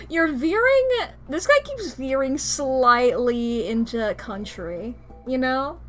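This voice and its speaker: A woman streamer giving animated, swearing, laugh-filled commentary while playing a game. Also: sits high, slow, faint music behind. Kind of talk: casual let's-play commentary.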